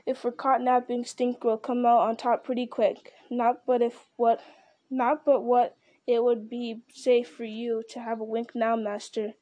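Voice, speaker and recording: A blunt, stubborn and loyal male servant, as a woman reads him, homely and protective with a gruff edge. His voice comes in a touch lower and softer than the narration, mellow and warm in tone. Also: level tone, unhurried, close to an everyday voice. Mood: earnest. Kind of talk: audiobook reading.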